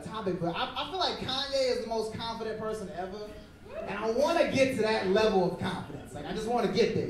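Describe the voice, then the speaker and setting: A man's voice: high-pitched, slight background noise. Loose-talking young male stand-up comic. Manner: loose, chatty delivery with many fillers and acted asides. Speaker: stand-up comedian. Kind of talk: stand-up comedy set. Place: comedy club stage before a live audience. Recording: roomy club sound, far mic, audience. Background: audience laughter.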